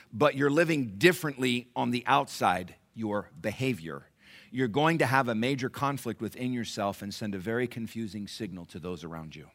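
A man preaching a sermon as pastor, animated, with rhetorical questions, swinging between loud emphasis and hushed asides. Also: mid-range voice.

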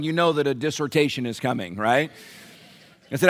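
A pastor preaching a sermon in church, animated, asking the congregation questions. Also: male voice, high-pitched, quick pace.

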